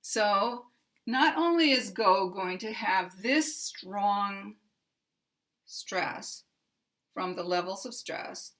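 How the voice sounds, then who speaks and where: An American woman teaching English pronunciation, slowly pronouncing and repeating single words with careful articulation. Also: medium pitch, a bit bright. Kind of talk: slow, deliberate pronunciation lesson.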